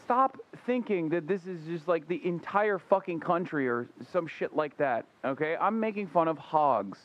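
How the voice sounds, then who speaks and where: A man ranting profanely in casual stream commentary, fast and emphatic. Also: a little high, expressive. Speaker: livestreamer. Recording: slightly muffled stream audio.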